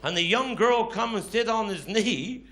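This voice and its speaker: Bright Cornish man telling stand-up yarns. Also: sits high, lively intonation, normal speed. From Cornwall. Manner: broad dialect storytelling, mock-grumbling quoted voices. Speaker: stand-up comedian. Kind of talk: live stand-up storytelling. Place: live stage before an audience. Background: audience laughter.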